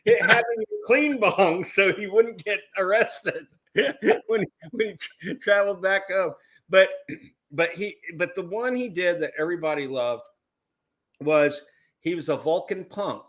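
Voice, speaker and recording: A man chatting casually on a group video chat show, telling animated stories, acting out the people he quotes and often restarting his words. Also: sits high, a little slow. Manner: self-interrupting, repeats words.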